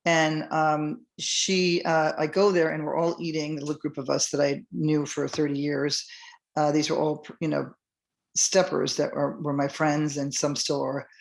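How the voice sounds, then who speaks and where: A woman's voice: low-pitched, flat delivery, unhurried, creaky. A middle-aged woman hosting a podcast, telling a personal story in a loose, rambling way, full of fillers and restarts and acting out what others said. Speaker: podcast host. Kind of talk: casual first-person storytelling.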